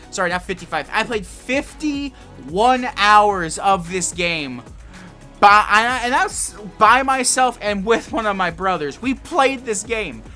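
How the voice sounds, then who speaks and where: A man reviewing a video game in a casual, excitable way, swearing a lot and rambling. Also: high-pitched.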